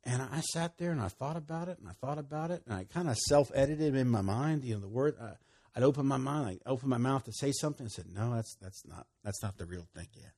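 A middle-aged man preaching, telling a personal testimony with animated storytelling, his voice jumping up when he gets excited. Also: mid-range voice, fast talker. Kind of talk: sermon testimony.

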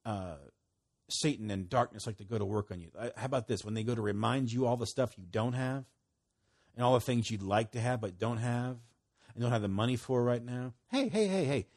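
A man's voice: medium pitch, fairly even intonation, brisk. Folksy emphatic male preacher. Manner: folksy and emphatic, quoting scripture, sudden loud exhortations. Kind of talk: sermon.

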